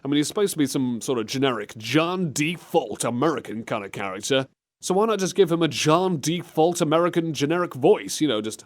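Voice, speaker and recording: A young man co-hosting a community radio show, riffing in loose comedic banter. He rambles, his pitch swinging lively up and down. The sound is a radio studio mic. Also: fairly quick. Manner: animated, rambling, slips into silly mock voices. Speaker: radio host.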